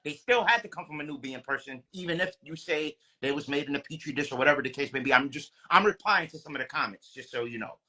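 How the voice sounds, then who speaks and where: Man, bright forceful voice, earnest, preachy, casual podcast chat. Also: fairly high pitch, fast talker, hardly any pauses. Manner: earnest, preachy, repeats phrases.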